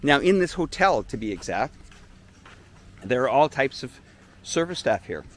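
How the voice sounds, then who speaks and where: A man hosting a live-stream tour, chatting in an animated, storytelling way from outdoors at a beach resort. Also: medium pitch, measured pace. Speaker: vlogger host.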